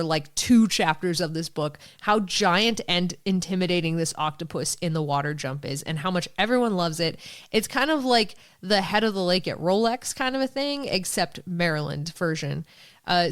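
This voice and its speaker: A woman's voice: medium pitch, smooth. A woman co-hosting a podcast, casually recapping a novel's plot and acting out the characters' lines. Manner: animated, acts out characters' lines. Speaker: podcast co-host.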